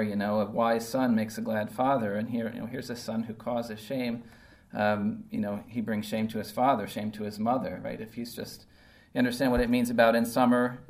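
A man giving a casual verse-by-verse Bible lesson, talking conversationally and checking in with his listeners as he goes. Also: medium pitch. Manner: conversational, checks in with "okay?" and "right?". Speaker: Bible teacher.

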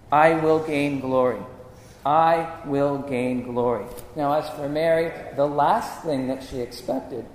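A man's voice: a little high, darkish tone. Man preaching in an echoey hall. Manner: earnest, rhetorical questioning. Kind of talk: sermon with Bible reading. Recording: echoey hall reverb, faint room noise.

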